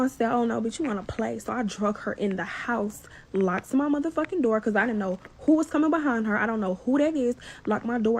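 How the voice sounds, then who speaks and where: A woman vlogger telling a story in a casual, animated, profane way, acting out each person's lines. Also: on the high side, slight background noise. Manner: animated, profane, acts out dialogue.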